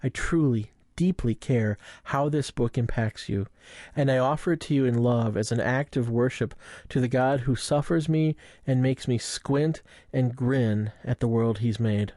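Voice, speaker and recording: A man's voice: mid-range voice, measured pace, dark tone, no room sound, studio quality. A young man narrating a first-person memoir in a wry, self-mocking, conversational way. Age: young adult. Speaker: audiobook narrator.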